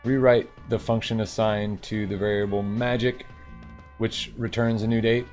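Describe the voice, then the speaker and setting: A fairly low-voiced man talks through coding exercises on a live stream, reading each instruction aloud and riffing on it. He hams it up with a put-on New York twang, little sound effects and jokey remarks, and faint music plays behind him. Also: level tone, normal speed, a little mellow. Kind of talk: casual live-coding commentary.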